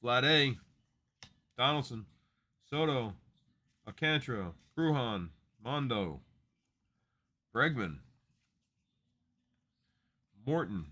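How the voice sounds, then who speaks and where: A man's voice: medium pitch, expressive, slow, pauses often, bright, forceful tone. A man hosting a live card break stream, chatting casually and rattling off player names as he opens packs.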